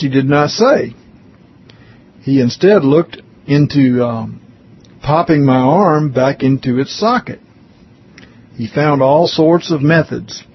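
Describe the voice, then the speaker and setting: A man earnestly reading a written testimony aloud, pausing for brief comments of his own. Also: a little high, slightly rough, dull audio.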